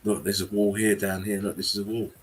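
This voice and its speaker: A man hosting a casual live-stream chat, often bursting into high laughter. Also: flat delivery, quick pace, husky. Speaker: channel host.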